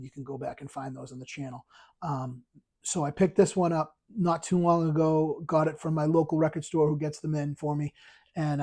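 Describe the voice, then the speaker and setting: A man chats casually to camera about his latest records, talking with real enthusiasm. He rambles and restarts often, with plenty of ums along the way. His voice sits a little high for a man, with a warm, mellow tone. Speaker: vinyl collector channel host. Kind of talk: casual record review vlog.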